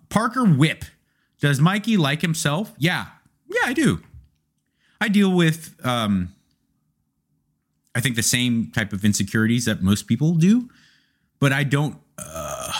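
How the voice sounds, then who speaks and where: A young man hosting a casual question-and-answer chat, candid and joking, swearing freely as he reads and answers viewer questions. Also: on the low side. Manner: candid, profane, animated and joking.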